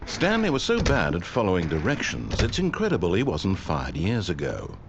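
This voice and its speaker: A man's voice: low-pitched, huge pitch swings, normal speed, noisy background, heavily acted. An actor playing a wry, dry male narrator in a video game, speaking with ironic theatrical flair. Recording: dull game audio with music.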